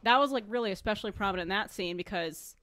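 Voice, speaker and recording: A woman with a Boston accent talking quickly and animatedly, explaining her points in casual podcast chat about a movie. Her voice is a mid-range pitch. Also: a bit bright, no room sound, clean studio sound. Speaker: podcast co-host.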